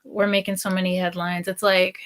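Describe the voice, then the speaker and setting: A woman's voice: lowish voice, level tone, a little fast, a bit bright. Young american woman, sleepy voice, rambling livestream chat, off on tangents. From United States. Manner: rambling, drowsy, trails off on tangents. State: tired. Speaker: streamer co-host.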